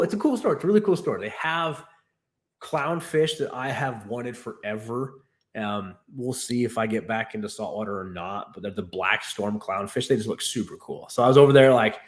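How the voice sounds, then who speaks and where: A young man telling a story in a casual, animated way, acting out both sides of a conversation. His voice sits in a typical middle register, and he sounds exasperated as he rants. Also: medium pitch. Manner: animated, exasperated retelling with quoted dialogue. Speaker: fish keeper vlogger.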